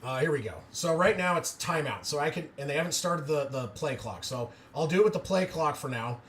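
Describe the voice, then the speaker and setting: A man doing amateur live play-by-play of a football game, excitable and breaking into loud cheers, chatting with viewers between plays. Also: fairly high pitch, a little slow, a little hiss or hum.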